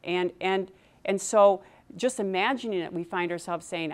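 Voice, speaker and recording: A woman's voice: lowish voice, moderate pace. A middle-aged woman giving a motivational talk on public speaking to a live audience, quizzing the room and acting out nervous inner voices. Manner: animated, asks the audience questions, acts out nervous inner voices.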